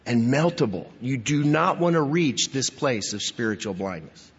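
A man's voice: mid-range voice, expressive, moderate pace, husky, big-room sound, highs cut off. A male pastor preaching earnestly and emphatically, reading scripture and asking rhetorical questions.

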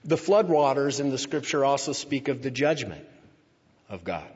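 A man preaching a sermon, reading scripture aloud and explaining it in a slow, deliberate way, stretching out key words for emphasis. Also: mid-range voice, animated, a little mellow, husky. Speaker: pastor. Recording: dull sound with long hall reverb.

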